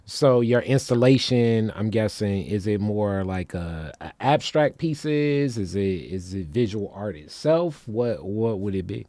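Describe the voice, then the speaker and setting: Mellow-voiced casual interviewer. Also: medium pitch, lively intonation, unhurried, hardly any pauses, dry recording. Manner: short affirmations and casual questions.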